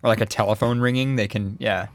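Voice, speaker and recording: A man in casual podcast chat, animated, often jumping into silly impressions. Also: lowish voice, fast talker, dry recording. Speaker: podcast co-host.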